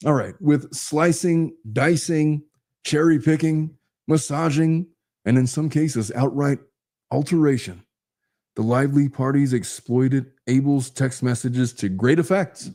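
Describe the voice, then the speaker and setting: A man hosting a show, reading a legal complaint aloud in a measured way and adding casual comments of his own. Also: medium pitch, dark tone. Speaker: host.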